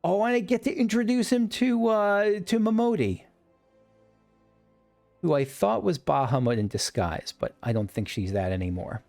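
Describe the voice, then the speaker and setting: This let's play host has a high-pitched, gravelly, darkish voice and an animated delivery at a moderate pace. He chats casually while gaming, rambling enthusiastically and interrupting himself mid-sentence, with soft music playing underneath.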